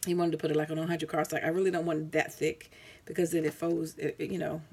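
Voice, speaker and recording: Gravelly-voiced woman, tired craft vlog. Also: low voice, flat delivery, fast, darkish tone. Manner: rambling, self-correcting, many ums. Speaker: craft vlogger. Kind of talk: casual show-and-tell.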